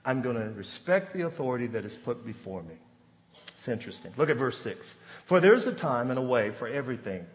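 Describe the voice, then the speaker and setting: A man's voice: mid-range voice, big pitch swings, brisk. Man, forties, pastor, sermon, storytelling, emphatic, reverberant hall. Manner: storytelling preacher, rising to loud emphatic bursts. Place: church sanctuary.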